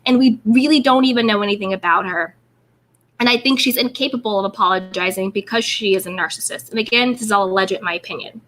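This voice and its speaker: Bright, emphatic woman host. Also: mid-range voice, fast talker, slight background noise. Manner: emphatic, repetitive, fills with "like". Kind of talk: casual commentary and interview.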